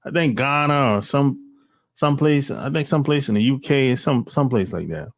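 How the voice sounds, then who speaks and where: Into his phone, a US vlogger rattles off casual opinions, blunt and full of slang, with jeering side comments. His mid-range voice is animated and fairly quick.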